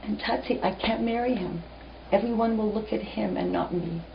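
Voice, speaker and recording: A woman voicing a vain young daughter who pleads softly with her father in a told story. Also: mid-range voice, normal speed, gravelly, far from the mic, background noise, voice pushed up, lightly acted. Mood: pleading. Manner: soft, pleading, tearful. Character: young beautiful daughter, vain but remorseful. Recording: muffled lo-fi recording.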